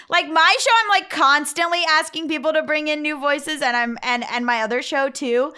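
A woman hosting a podcast, chatting casually and reading a listener email aloud, playful and quick to laugh. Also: high-pitched, sharp tone. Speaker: podcast host.

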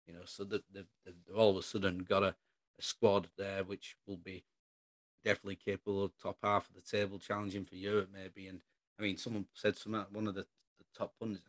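A man's voice: low-pitched, dry recording. A man co-hosting a football podcast, chatting casually in a rambling, opinionated way.

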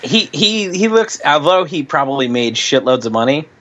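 A man's voice: a little high, very animated, normal speed, a bit bright, lo-fi sound. A man co-hosting a comedy podcast, telling stories in a wry, casual way. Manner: storytelling, wry. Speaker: podcast co-host.

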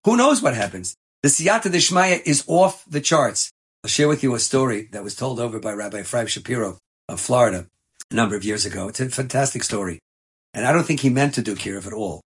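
A man's voice: mid-range voice, breathy edge. A man, a rabbi, telling an inspirational story with emphatic, passionate delivery. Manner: emphatic, passionate storytelling with Yiddish and Hebrew terms.

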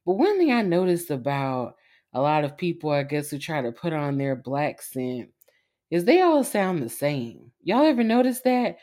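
Low-voiced animated woman co-host. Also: moderate pace. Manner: animated, laughs often, exclamations. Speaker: podcast co-host. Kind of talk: casual group chat.

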